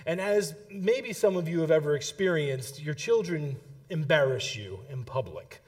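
A man's voice: on the high side, normal speed. A middle-aged man preaching a sermon, telling a family story and checking in with the congregation. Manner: storytelling, lively, addresses the congregation with "okay?". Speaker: pastor.

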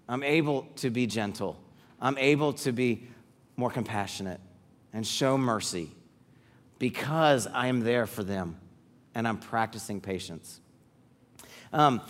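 A man preaching a sermon to parents, repeating key words for emphasis and letting phrases trail off softly. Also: fairly high pitch.

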